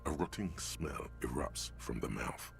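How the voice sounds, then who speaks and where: An actor voicing a grim, omniscient male video game narrator, deliberate and vivid in second-person narration. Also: extremely low pitch, gravelly, music in the background, heavily acted.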